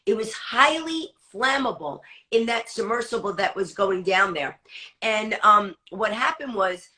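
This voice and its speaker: Bright, fast-talking woman comic. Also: medium pitch, animated. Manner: fast-talking, acts out quoted dialogue. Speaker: stand-up comic guest. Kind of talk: animated anecdote telling.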